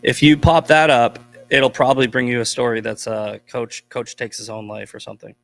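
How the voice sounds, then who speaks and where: A man's voice: mid-range voice, flat delivery, a little fast, vocal fry, fairly bright tone, no room sound. A man from Boston, a podcast guest, telling stories in blunt, profane casual chat. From Boston, USA.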